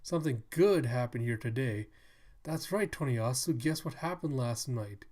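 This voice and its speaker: A man voicing a crowd of poor but cheerful townsfolk while reading a manga aloud, loud and folksy. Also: medium pitch, expressive, moderate pace, natural voice. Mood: jolly.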